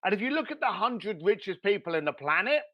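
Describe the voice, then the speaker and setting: Guy, high voice that swings all over, blunt and animated, swears a bit. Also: fast, highs cut off. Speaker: guest. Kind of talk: motivational business talk.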